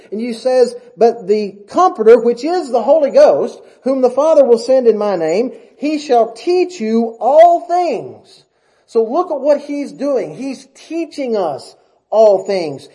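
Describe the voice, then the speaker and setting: A man preaching a sermon, reading King James verses aloud, repeating himself and swelling louder on key phrases. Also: very high-pitched, rough recording. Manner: repeats himself and restarts lines.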